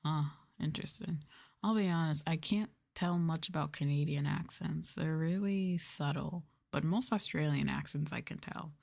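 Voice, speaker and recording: A young woman streamer in a soft-spoken ASMR chat, rambling casually with lots of fillers. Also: deep voice, normal speed, vocal fry.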